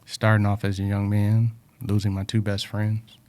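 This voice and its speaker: A man's voice: on the low side, completely flat delivery, moderate pace, a little mellow. A man in a reflective personal talk, speaking earnestly about life lessons and often repeating words, emotional with a drying throat.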